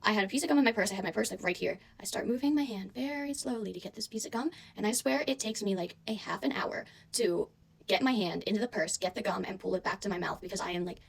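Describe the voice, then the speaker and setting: A young adult woman telling a casual, chatty storytime monologue, animated and full of "like" and "I swear". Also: medium pitch, quick pace, creaky, slightly rough.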